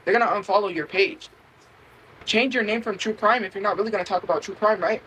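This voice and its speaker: A woman's voice: medium pitch, fast, fairly bright tone, poor audio. Woman streamer going off at chat, defensive, repeats herself, a bit of background noise. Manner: defensive, repetitive, talks straight to chat. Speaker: livestreamer. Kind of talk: livestream rant.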